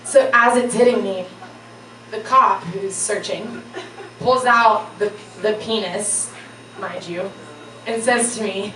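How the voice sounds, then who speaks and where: A woman's voice: medium pitch, slow, long pauses, bright, forceful tone. Young woman telling a story on stage. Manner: casual, profane, laughing often. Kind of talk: live comic storytelling. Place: stage before a live audience. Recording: echoey room, distant mic, audience noise.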